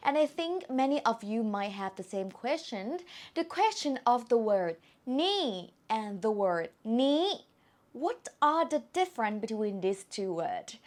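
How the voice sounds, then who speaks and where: This Thai-accented teacher runs a language class online, pronouncing each word deliberately and saying it again to demonstrate tone. She pitches slightly high, with wide swings up and down.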